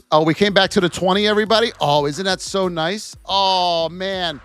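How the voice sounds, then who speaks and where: Loud, high-voiced man hyping stock charts. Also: lively intonation, moderate pace, hardly any pauses, faint music behind. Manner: loud, joking, greets chat viewers by name. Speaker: trading educator and livestream host. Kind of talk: energetic live market commentary.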